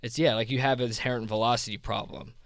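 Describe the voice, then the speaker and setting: A man's voice: mid-range voice, steady tone, fast, gravelly, no echo, clean studio sound. A man with a South Jersey accent talking casually, rambling with lots of fillers and restarts. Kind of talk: casual conversation.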